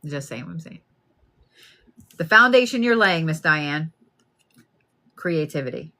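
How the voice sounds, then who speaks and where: A woman gives a live card reading. She talks plainly and casually, with animated asides, addressing the listener directly. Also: low voice, measured pace. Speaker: card reader.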